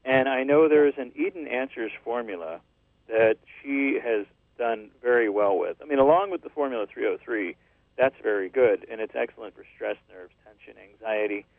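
A man's voice: mid-range voice, moderate pace, creaky, no echo. A man hosting a radio talk show, chatting in an affirming, conversational way. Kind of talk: casual radio chat. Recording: dry, tinny phone-like line.

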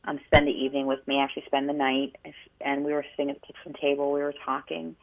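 A woman co-hosting a radio talk show, telling a story in an animated way with many restarts. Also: rumbling low, quick pace. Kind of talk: casual radio chat, storytelling. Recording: tinny phone-line sound.

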